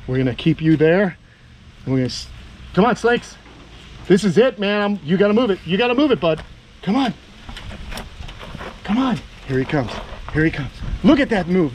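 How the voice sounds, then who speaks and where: Man, high voice, excited outdoor vlog, coaxing an animal, faint background noise. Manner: coaxing an animal in a high sing-song voice, then talking to viewers. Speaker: reptile keeper vlogger. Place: outdoors on a property.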